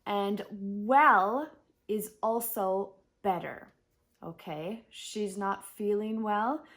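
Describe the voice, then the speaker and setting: A woman's voice: mid-range voice, very slow, a bit bright. A woman teaching an English grammar lesson, spelling words out letter by letter and checking in with "okay?" and "right?".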